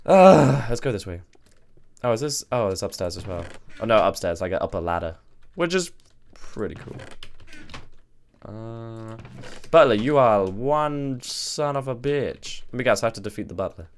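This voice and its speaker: A man's voice: on the low side, sing-song, moderate pace, pauses often, a little mellow. Chatty man playing a game. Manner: chatty, swears, thinks aloud. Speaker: gaming video host. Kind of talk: let's play commentary. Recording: faint background music.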